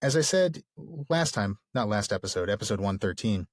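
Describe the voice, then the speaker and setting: A man's voice: on the low side, lively intonation, fairly quick, no echo, studio quality. A man co-hosting a podcast, explaining literature casually and enthusiastically, with plenty of fillers. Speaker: podcast co-host.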